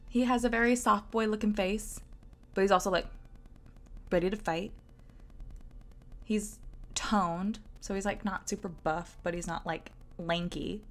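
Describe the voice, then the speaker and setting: A young woman with a Southern US accent, chatting and giggling casually while streaming a game. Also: mid-range voice. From Southern United States. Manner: chatty and giggly, lots of "like" fillers. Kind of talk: casual gameplay commentary.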